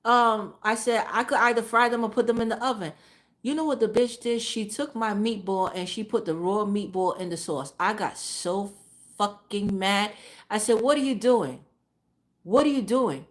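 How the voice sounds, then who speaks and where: Woman streamer, casual ranting storytime, salty and emphatic, mid-pitched voice. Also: moderate pace. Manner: profane, emphatic, repeats phrases for emphasis. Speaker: live streamer.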